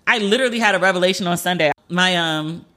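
Bright-voiced chatty woman podcaster. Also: fairly low pitch, fast. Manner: animated storytelling with frequent fillers and acted-out quotes. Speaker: podcast host. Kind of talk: casual chat.

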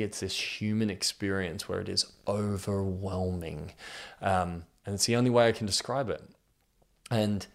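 Low, gravelly man, heartfelt. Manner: candid, heartfelt, with soft laughs. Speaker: storyteller. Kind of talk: personal storytelling.

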